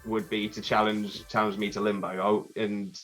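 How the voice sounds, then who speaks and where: A man, a podcast guest telling a rambling, animated story with many restarts. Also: lowish voice, moderate pace, faint music behind. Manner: animated, acts out crowd voices. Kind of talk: casual storytelling.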